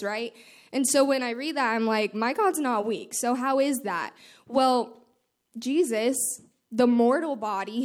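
A woman giving an earnest, informal devotional talk, reading scripture aloud and explaining it with halting restarts. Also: fairly high pitch. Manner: reads scripture aloud in a measured way. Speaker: speaker sharing scripture.

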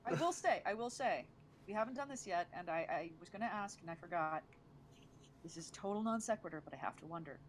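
A woman's voice: lowish voice, expressive, fast, slight background noise. A tired, tipsy woman hosting a podcast, bubbly and teasing in casual chat. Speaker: podcast host.

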